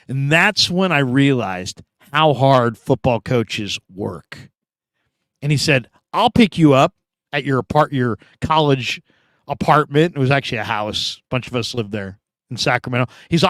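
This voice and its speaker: A middle-aged man hosting a casual sports talk stream, rambling and telling stories with loud acted-out quotes. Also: medium pitch, a little fast, no echo. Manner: rambling, animated storytelling, acts out quotes loudly. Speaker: show host.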